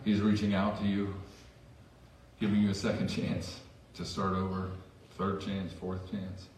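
A man's voice: low-pitched, completely flat delivery, measured pace, a little mellow, distant mic. A man preaching a sermon as pastor in a church, conversational with self-deprecating asides. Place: church sanctuary. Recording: echoey church hall from afar.

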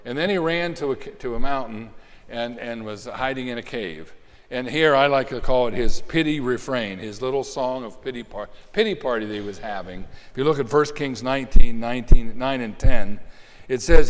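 A man delivers a sermon at a middle pitch, loose and conversational, often restarting his phrases. His voice carries a long reverb, as if heard in a large sanctuary. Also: moderate pace. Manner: conversational preaching with frequent restarts and fillers. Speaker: pastor.

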